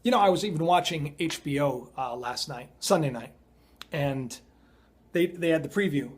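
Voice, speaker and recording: A man's voice: a little high, lively intonation, normal speed. A man hosting a casual monologue video, rambling and chatty with lots of fillers and asides. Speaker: prophecy video host. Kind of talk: casual monologue on end-times signs.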